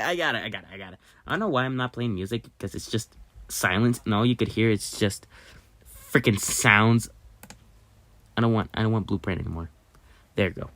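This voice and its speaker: Brief: desk-mic host, slow mumbling commentary that jumps into excited shouts, very dry sound. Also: dry recording. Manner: excitable, swings from low muttering to sudden loud outbursts; mumbles half-words and fillers while searching. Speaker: channel host. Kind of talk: casual screen-recorded commentary.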